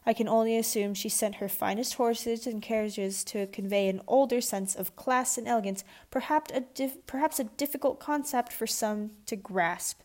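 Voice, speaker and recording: A woman's voice: fairly high pitch, normal speed, few pauses, a little mellow, natural voice. Woman reading a stiff, proper butler. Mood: haughty. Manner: formal and clipped.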